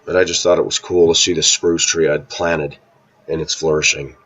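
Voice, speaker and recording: A man telling a story in casual, rambling talk, often clearing his throat and repeating himself. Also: very deep voice, level tone, normal speed, fairly bright tone, muffled recording.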